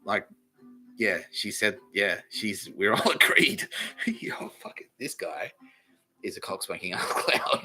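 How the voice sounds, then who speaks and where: A man rants through a solo podcast with profane, animated energy, breaking into laughter now and then. His voice is bright and sharp. Faint music sits underneath. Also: lowish voice, slow pace, breathy edge. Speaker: podcast host. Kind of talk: rambling solo podcast monologue.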